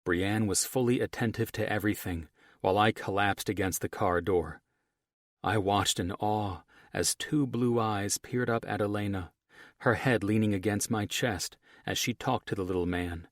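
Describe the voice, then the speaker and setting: A male audiobook narrator reading in first person with a wry, profane, lively storytelling manner. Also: lowish voice, normal speed, no echo, studio quality.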